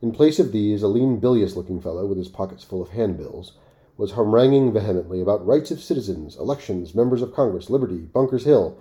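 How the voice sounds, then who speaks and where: A man reading a classic story aloud on his podcast, expressive, with offhand asides. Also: lowish voice, fairly quick.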